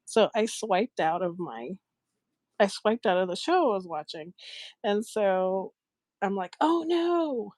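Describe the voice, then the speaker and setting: A woman's voice: mid-range voice, a little slow, no room sound. Giggly woman telling a funny story. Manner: animated, giggly, acts out quoted voices. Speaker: live shopping show host. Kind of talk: casual storytelling to a live chat.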